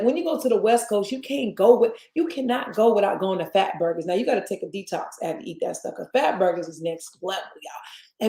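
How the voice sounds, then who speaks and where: A woman's voice: medium pitch, mellow. Chatty Southern woman, echoey room. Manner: chatty, addresses listeners as y'all, rambling asides. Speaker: host. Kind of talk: casual chat.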